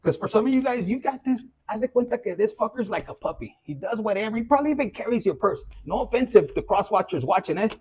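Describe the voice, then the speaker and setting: A man's voice: high voice, expressive, quick pace, darkish tone, slight background noise. A man giving a loose, profane, casual collective tarot reading. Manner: loose and profane, with Spanish slang mixed in. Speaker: tarot reader.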